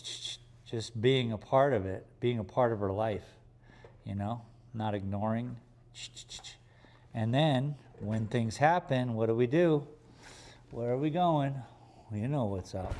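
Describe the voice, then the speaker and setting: A man on a live stream, talking softly and soothingly to his puppy, hushing her and explaining how he calms her down. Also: medium pitch. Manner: soft, soothing talk to a puppy, hushing and praising. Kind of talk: casual live-stream chat. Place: art gallery workspace.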